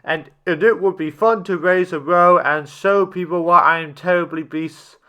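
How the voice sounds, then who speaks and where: A man voicing a big, timid male lion who wants to act fierce, in a raised, lively voice. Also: high voice, a little slow, dull audio. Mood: eager.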